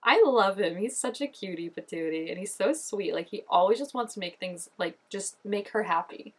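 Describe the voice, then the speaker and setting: Chatty, gushing woman reacting to a show. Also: normal speed. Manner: gushing and chatty, full of "like" and "oh my gosh"; excitable, with sudden jumps up in pitch. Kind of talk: casual reaction commentary.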